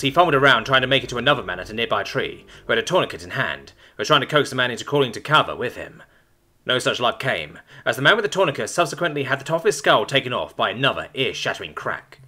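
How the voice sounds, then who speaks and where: A man narrating a science-fiction war story in a lively, expressive reading. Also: medium pitch. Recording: faint music behind the voice.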